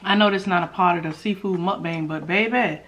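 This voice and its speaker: With a lowish voice and a fairly quick delivery, a woman eats on camera for her viewers. She chats in a lively way, humming appreciatively over the food and addressing her audience.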